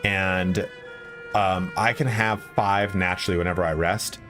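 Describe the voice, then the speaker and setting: Faint game music accompanies a gaming streamer whose voice sits low and steady, his pace a little slow. He chats casually with viewers during play and swears when the game defeats him.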